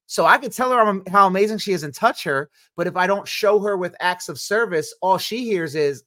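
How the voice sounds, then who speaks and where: Earnest husband co-hosting a faith podcast. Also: male voice, fairly high pitch, a little fast, hardly any pauses. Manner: earnest, instructive, animated. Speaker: podcast co-host. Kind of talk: casual podcast chat.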